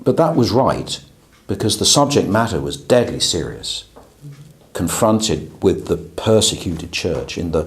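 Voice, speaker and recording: A man's voice: deep voice, sing-song, a little slow. A man, a pastor, teaching a class on preaching in a conversational way, often checking in with his listeners. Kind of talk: lecture to a class.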